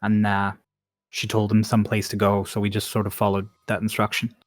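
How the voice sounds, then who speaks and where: A man's voice: on the low side, monotone, moderate pace, dry recording, clean studio sound, close to an everyday voice. A man doing a blunt Cockney woman. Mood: offhand. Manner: clipped, offhand slang.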